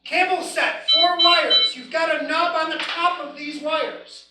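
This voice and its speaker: A woman's voice: high-pitched, fairly even intonation, a little slow, pushed and bright. A woman giving an equipment training class, stressing each step with emphatic instructions to the group. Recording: echoey room, mic far off, faint noise.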